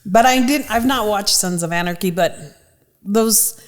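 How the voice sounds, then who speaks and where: Brief: middle-aged mom guest, frank and chatty, mid-pitched, lingering reverb in the room. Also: female voice, a little slow. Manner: frank, chatty, hesitant fillers. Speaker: guest, mother of a host. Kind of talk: casual interview chat.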